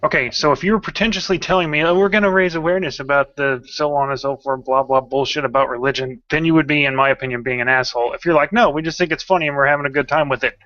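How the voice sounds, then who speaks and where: A man talks quickly in a bright, sharp voice, firing off blunt opinions with plenty of cursing. He rants in a casual online hangout. The sound is dull and lo-fi, like a call line. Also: a little high. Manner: rapid, blunt, profane ranting. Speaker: podcast host. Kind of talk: casual chat. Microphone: video call.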